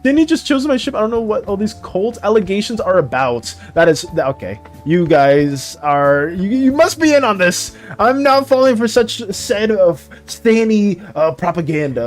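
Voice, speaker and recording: A man with a high voice chats to his stream while he draws. He is excitable and dramatic, and his pitch swings widely as he talks. Soft music plays quietly behind him. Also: normal speed, hardly any pauses. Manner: excitable and dramatic, laughs often. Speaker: art streamer. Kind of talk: casual live-stream chat while drawing.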